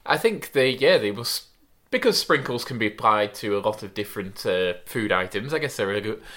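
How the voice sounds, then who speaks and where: A man's voice: lowish voice, lively intonation, brisk, a bit bright. A man co-hosting a casual podcast, talking in a rambling, hesitant way with many ums. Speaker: podcast co-host. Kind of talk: casual comedic chat.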